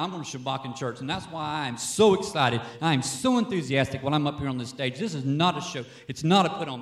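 A man preaching a sermon as pastor from a church stage, an animated, joking storyteller. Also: high-pitched, reverberant.

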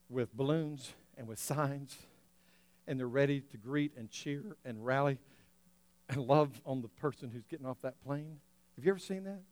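A male pastor preaching a lively sermon, laughing often and acting out scenes for the congregation. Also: on the high side, clean tone, no room sound. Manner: animated, laughing often, acting out an excited dog.

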